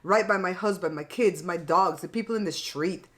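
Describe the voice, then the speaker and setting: Eating as she talks, a middle-aged channel host keeps the chat casual, swearing lightly and laughing a lot. She speaks at a moderate pace in a fairly low, slightly bright voice, and her manner is blunt, frank and plain-spoken.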